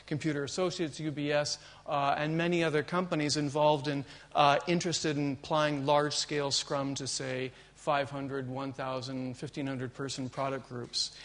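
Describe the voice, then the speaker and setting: A man giving a conference keynote as an agile consultant, telling an opening joke and then explaining his background with frequent fillers. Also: a little high. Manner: animated storyteller, jokes and fillers.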